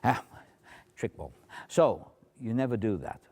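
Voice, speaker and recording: A man's voice: medium pitch, animated, unhurried, a little mellow. A man, a magician talking through a routine in a chatty, explanatory way, with asides. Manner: chatty, explanatory, shifts into asides and acted quotes. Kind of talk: demonstration tutorial.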